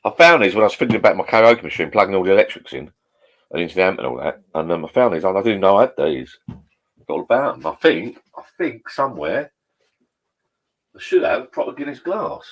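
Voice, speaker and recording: Very deep-voiced man chatting. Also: very animated, brisk. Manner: chatty, rambling, matey. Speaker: livestream host. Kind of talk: casual chat with viewers while drinking. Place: at home, indoors.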